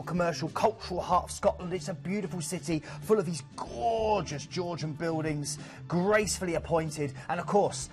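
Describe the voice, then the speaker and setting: A man from the UK with a lively, chatty manner, presenting cruise destinations as a sales host and joking about himself. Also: a little high. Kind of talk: enthusiastic sales pitch.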